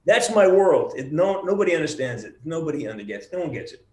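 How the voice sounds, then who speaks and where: A middle-aged man being interviewed over a video call, telling lively stories and acting out the quotes, with some swearing. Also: fairly high pitch, fast. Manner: animated storyteller, acts out quotes with swearing. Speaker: voice actor guest. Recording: roomy video call audio.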